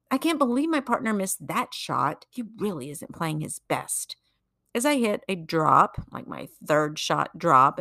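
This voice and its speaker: A middle-aged woman hosting a devotional podcast, talking in a chatty, self-deprecating, animated storytelling way. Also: mid-range voice, gravelly, dry recording, studio quality. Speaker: podcast host.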